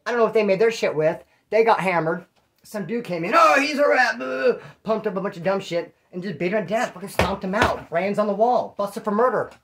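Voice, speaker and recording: A man's voice: high voice, fairly quick, a little hiss or hum. A man from California, a former prisoner, telling stories in casual slang and cursing, acting out what people said as he answers viewer questions. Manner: slangy and profane, acts out quoted speech.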